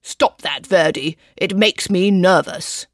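A woman's voice: mid-range voice, animated, moderate pace, no room sound, studio quality, lightly acted. A woman voicing a scolding, complaining female lizard in a storybook.

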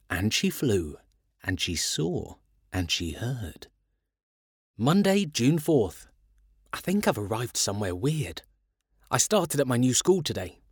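A man reading children's stories aloud in a playful, animated way. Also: on the low side, breathy edge, no room sound, studio quality. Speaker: reader.

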